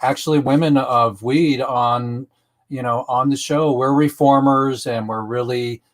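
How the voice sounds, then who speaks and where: A man hosting an online talk show, speaking casually with many pauses, ums and restarts. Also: medium pitch, fairly even intonation. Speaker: web show host.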